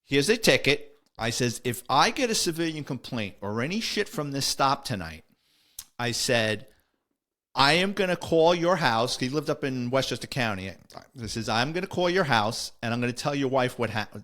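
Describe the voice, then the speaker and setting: A man's voice: medium pitch, normal speed. A middle-aged man, a former police officer telling casual stories and acting out the people he quotes. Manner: animated, acts out the people he quotes. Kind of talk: casual storytelling.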